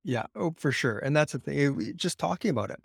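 A man's voice: fairly high pitch, expressive, quick pace, creaky, no room sound, studio quality. A man who is a guest author on a podcast, speaking earnestly and repeating phrases to drive his point home. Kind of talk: conversational podcast interview.

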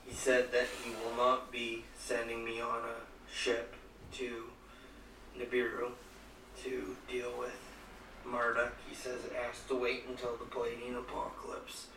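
A man's voice: medium pitch, completely flat delivery, a little slow. A British man co-hosting a comedy podcast, delivering a theatrical mock rant full of faux outrage. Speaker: podcast co-host. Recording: roomy, distant mic, faint noise.

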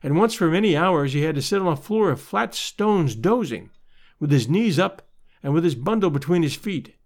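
Male narrator, fairly high voice, lively rise and fall, measured literary storytelling.

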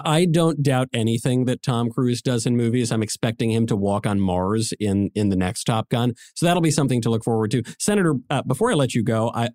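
A man's voice: medium pitch, darkish tone. A man hosting a political podcast, teasing his guest in a mock-serious tone and reading out listener questions. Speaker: podcast host. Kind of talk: casual political podcast chat.

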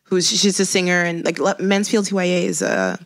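A woman's voice: on the low side, a little fast, gravelly. Chatty woman with a slight French accent. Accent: shifting between Franco-Ontarian, Quebecois and Parisian French. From Canada. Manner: chatty, many restarts, lively laughter. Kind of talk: casual chat.

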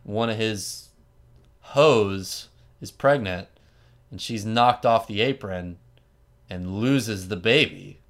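A man hosting a podcast, telling a story in an animated, wry, casual way and laughing often. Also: lowish voice, slow, long pauses. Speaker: podcast host.

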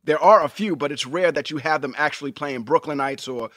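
A man co-hosting a podcast in casual chat, talking in an animated, emphatic way and swearing freely. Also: a little high, brisk, no echo, clean studio sound. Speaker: podcast co-host.

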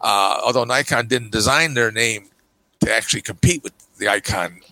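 An older man chatting as a podcast guest, telling stories emphatically with frequent "okay"s and sudden jumps in pitch. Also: moderate pace, sharp tone, no echo, low-quality recording. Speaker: podcast guest, camera magazine publisher. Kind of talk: casual podcast chat.

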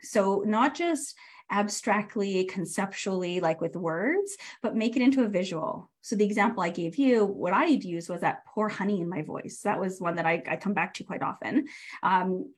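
A woman podcast host and coach giving a casual live training, chatty and animated, with lots of fillers, self-corrections and frequent laughs. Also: mid-range voice, normal speed, slightly rough.

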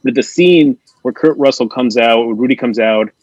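A man's voice: mid-range voice, normal speed, a little mellow, slightly rough, no room sound, lo-fi sound. A man co-hosting a podcast, chatting casually about an old movie, rambling with lots of "like" fillers. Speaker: podcast co-host.

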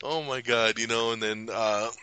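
A man's voice: mid-range voice, steady tone, moderate pace, bright, forceful tone, clear, resonant tone. A man hosting a podcast, chatting casually about a film, rambling, swearing freely and laughing a lot. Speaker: podcast host. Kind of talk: casual movie review chat.

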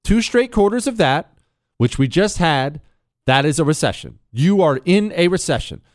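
A male talk show host delivers his monologue with a sarcastic, storytelling edge. His pitch swings widely as he builds each point. The studio sound is close and dry. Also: animated, moderate pace, no echo.

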